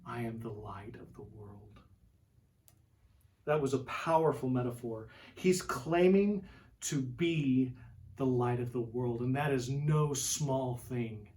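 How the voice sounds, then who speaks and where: A male preacher delivering a sermon at a slow, measured pace, his voice at an ordinary middle pitch. He stacks rhetorical questions one after another and sinks to a hushed whisper for quoted refrains. The voice sits a little way back from the microphone. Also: far from the mic. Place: church.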